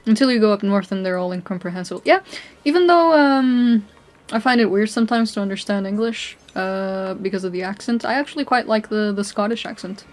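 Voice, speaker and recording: Young female streamer from Portugal, chatty and easygoing, middle pitch, soft music behind. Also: fairly quick. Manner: chatty, answering chat, often laughing and trailing off. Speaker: live streamer. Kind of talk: casual chat while playing a video game.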